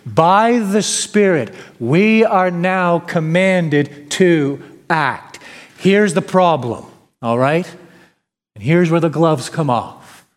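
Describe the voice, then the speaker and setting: A man's voice: fairly high pitch, animated, slow pace. A man preaching a sermon with emphatic, declaiming delivery, now and then mimicking whiny complainers. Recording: long hall reverb.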